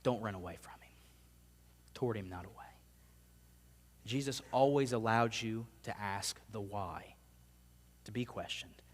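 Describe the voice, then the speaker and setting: A youth minister in his thirties preaching a sermon, earnest, swinging from loud emphasis to hushed, near-whispered pleas. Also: lowish voice, a little slow, long pauses, long reverb tail. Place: church sanctuary.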